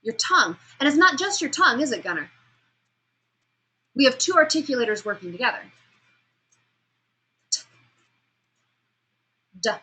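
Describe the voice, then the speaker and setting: A woman teaching a speech class, her voice bright and forward with a husky, breathy edge. She talks in an animated way, questions the students, and acts out each sound and change of pace as she explains it. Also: high voice, moderate pace, pauses often, low-quality recording. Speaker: speech instructor. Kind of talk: classroom lecture on vocal delivery.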